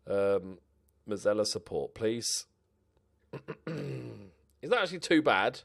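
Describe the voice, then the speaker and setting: A young man giving casual, animated commentary on his own game play, muttering to himself and swearing now and then. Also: lowish voice, slow pace, creaky. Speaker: gaming commentator.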